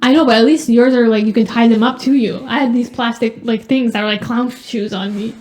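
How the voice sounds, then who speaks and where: Young woman telling animated stories. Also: fairly high pitch, fairly quick. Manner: animated storytelling with lots of "like". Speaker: podcast co-host. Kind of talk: casual sibling podcast chat.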